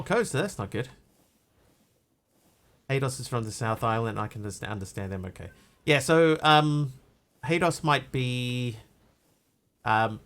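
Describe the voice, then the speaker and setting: This New Zealander's voice is medium-pitched and fairly bright, and his Kiwi accent carries a hint of Australian. While streaming a game, he reads out chat and talks casually in a hesitant, wandering way.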